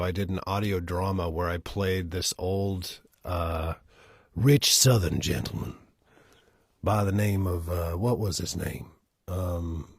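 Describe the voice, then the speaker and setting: A man's voice: deep voice, dry recording, clean studio sound. A man hosting a casual live stream, reading out listener requests and rambling in a self-deprecating way, often stumbling over words.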